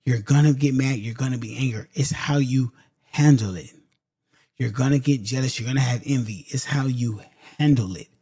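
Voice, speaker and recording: A man's voice: medium pitch, moderate pace, warm tone, no room sound, studio quality. A man hosting a podcast, giving a casual motivational talk straight to his listeners, driving points home by repeating them. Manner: emphatic, repeats points for stress; casual, addresses listeners directly as y'all. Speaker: podcast host.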